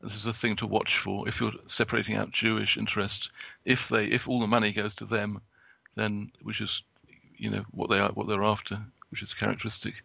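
A man with a heavily gravelly, creaky voice and a bright, sharp edge to it. He talks from prepared notes in a halting way, stopping and restarting his sentences often. The recording is close and dry. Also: lowish voice, monotone, no room sound. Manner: halting, with many restarts and fillers. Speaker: guest speaker.

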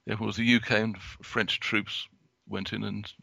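A man giving a prepared talk from notes as a guest, halting, with many restarts and fillers. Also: fairly low pitch, level tone, creaky, bright, forceful tone, no echo. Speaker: guest speaker.

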